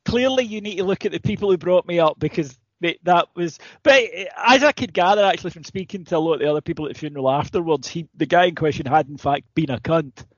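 A Scottish man tells a bawdy family story with gusto, swearing freely and chuckling along. His voice sits slightly high. The recording is dry and close, a little muffled. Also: quick pace, hardly any pauses, no echo. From Scotland. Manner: animated anecdotes, swears freely, laughs mid-story. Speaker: podcast co-host. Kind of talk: casual storytelling chat.

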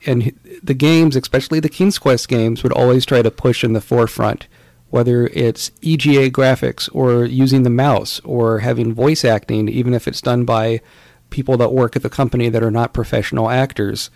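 A man with a gravelly, creaky voice talks through a relaxed podcast chat, wandering from point to point with plenty of "um"s and restarts. He sits at a middle pitch, and the sound is close and dry with no room around it. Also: normal speed, no room sound. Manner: rambling, with many fillers and restarts. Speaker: podcast co-host. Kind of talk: casual chat about retro video games.

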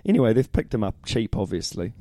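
A man co-hosts a casual podcast in a warm, mellow voice with lively swings in pitch. He banters in a laid-back way, calling his co-host "mate" and ending lines with tag questions. The sound is dry and close. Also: fast talker, dry recording. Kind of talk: casual chat.

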